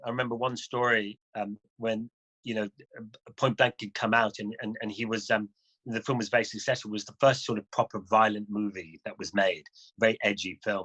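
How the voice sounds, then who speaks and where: A man as an interview guest, telling a story in a casual, animated way, often restarting phrases and chuckling. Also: on the low side, low-quality recording.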